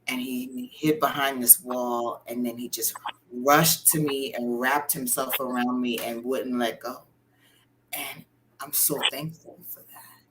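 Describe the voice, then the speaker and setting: A woman's voice: extremely low pitch, fairly even intonation, takes it slowly, noisy background. A woman on a talk show panel telling a short personal story in a reflective, heartfelt chat.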